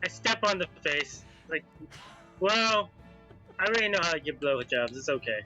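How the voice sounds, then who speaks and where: Male player, high and very bright voice, irreverent banter. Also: animated, normal speed, dull audio, faint music behind. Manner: joking, irreverent. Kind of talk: casual game banter.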